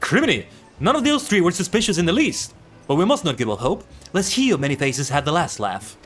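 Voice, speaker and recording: A man voicing a gallant gentleman inspector who speaks in a grand, declamatory way. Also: a little high, very animated, a little fast, faint music behind, pitched above the performer's own voice. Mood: rousing.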